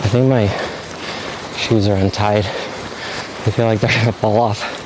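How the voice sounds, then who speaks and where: A man's voice: lowish voice, measured pace, background noise. Panting man on an outdoor stream. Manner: breathless, excited self-talk while running a wing. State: out of breath. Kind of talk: casual outdoor live-stream commentary. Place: open hilly field outdoors. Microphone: portable streaming rig.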